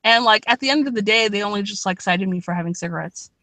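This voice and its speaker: A woman's voice: medium pitch, fast, sharp tone, no echo. A young woman telling a story in a casual chat, rambling with lots of "like" and swearing. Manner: rambling, many "like"s, swears, laughs a lot. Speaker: podcast co-host.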